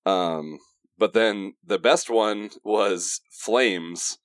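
Young male guest with a very low voice. He rambles in a relaxed way from a home studio. Dry sound. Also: very slow, dry recording. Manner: rambling, many fillers and asides. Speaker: podcast guest. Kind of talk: casual podcast chat.

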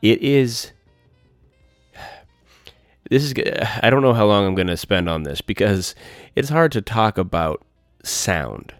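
A man's voice: sits low, no echo, studio quality. A man hosting a solo music podcast, talking enthusiastically and in superlatives. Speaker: podcast host.

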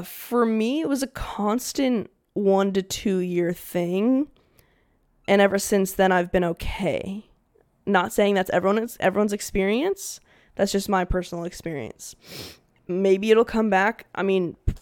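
A young woman talks through her own podcast in a loose, candid way, with "like" in nearly every phrase. Her voice sits at an everyday middle pitch. The sound is close and dry, with no room around it. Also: a little mellow, dry recording. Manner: chatty and candid, heavy use of "like". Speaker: podcast host. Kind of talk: casual solo podcast chat.

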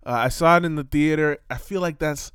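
Man, casual ranting commentary, animated, swearing, smooth voice. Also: a little high, brisk, no room sound, clean studio sound. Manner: animated, swearing, jumps between topics with loud outbursts. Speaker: vlogger.

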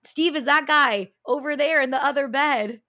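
A man's voice: very high voice, moderate pace, pushed and bright, voice pushed up, exaggerated voice. A woman voicing a mild old male patient. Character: older male nursing-home patient, mild and good-natured. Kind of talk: acted quote in a podcast story.

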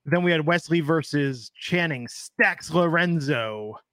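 A man's voice: on the high side, lively intonation, a little slow, a bit bright, no room sound, clean studio sound. A man in his thirties co-hosting a casual podcast, rambling and thinking aloud with fillers. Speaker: podcast co-host. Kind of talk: casual wrestling podcast chat.

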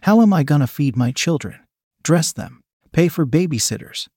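A man's voice: a little high, animated, moderate pace, a little mellow, husky, no echo. Upset office woman pleading, read by a guy in his own plain voice, dry sound. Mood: distraught. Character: distressed woman office worker being fired.

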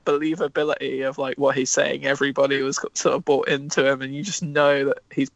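A man co-hosting a podcast in casual chat, enthusiastic and animated, swearing freely. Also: mid-range voice, brisk, vocal fry, no echo. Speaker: podcast co-host.

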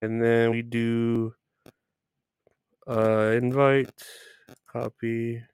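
A man's voice: mid-range voice, level tone, drawn-out words, a little mellow, smooth, dry recording. A man hosting a live stream, greeting viewers by name in loose, profane chat with frequent laughs.

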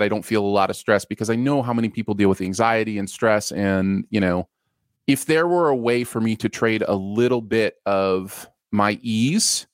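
A man co-hosting a casual chat, easygoing and self-deprecating, often pausing to find his words. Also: mid-range voice, no echo, studio quality. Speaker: co-host.

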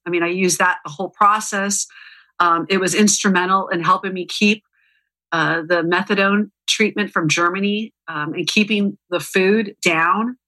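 Woman guest on a podcast, bright voice, earnest, says stuff twice for emphasis. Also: fairly low pitch, rough recording. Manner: earnest, repeats words for emphasis. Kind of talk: casual interview talk.

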